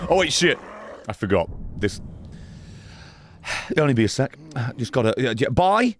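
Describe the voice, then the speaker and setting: A man giving sarcastic, excitable commentary while playing a game live on stream. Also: medium pitch, moderate pace, long pauses, a little hiss or hum.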